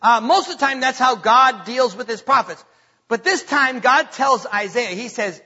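A man preaches a sermon to a church congregation, animated and quick to joke, often asking the room questions. His voice is very high and bright, with a husky edge. The recording sounds slightly dull. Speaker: pastor. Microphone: stage microphone.

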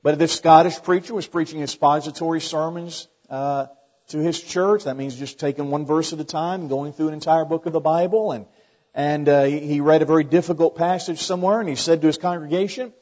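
A man's voice: fairly high pitch, steady tone, fairly quick, a little mellow. A man pastor preaching a conversational sermon, folksy and full of anecdotes. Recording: dull lo-fi sermon recording.

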